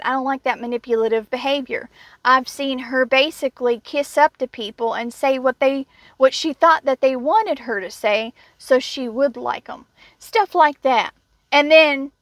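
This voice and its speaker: A woman with a high voice rants about a coworker in a casual vlog, blunt and sarcastic. Her indignation shows in every phrase. The sound is close and dry, with no room around her. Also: no echo. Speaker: vlogger. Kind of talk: casual storytelling rant.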